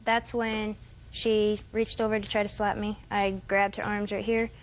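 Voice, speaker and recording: Woman, 20s, defendant, rambling, hesitant, mid pitch. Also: level tone, measured pace. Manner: rambling, hesitant, quoting others. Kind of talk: testimony in court.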